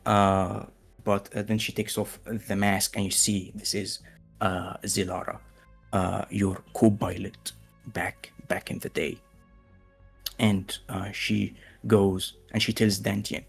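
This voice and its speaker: A low, husky male voice narrates a tabletop game as game master. He moves slowly and haltingly, with plenty of fillers. Gentle music plays softly behind him. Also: steady tone. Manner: slow, hesitant narration full of fillers.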